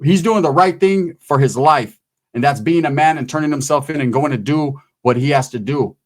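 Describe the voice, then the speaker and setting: Casting: streetwise male vlogger, slang-heavy and animated, higher-pitched voice. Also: normal speed. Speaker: channel commentator. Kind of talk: casual vlog commentary.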